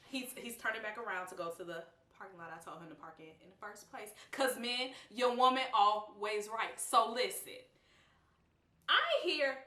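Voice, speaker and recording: A young woman vlogger telling a casual storytime, blunt and slangy, laughing often and acting out what people said. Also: mid-range voice. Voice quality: animated, expressive, lively quoting of others. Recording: roomy, slightly distant mic.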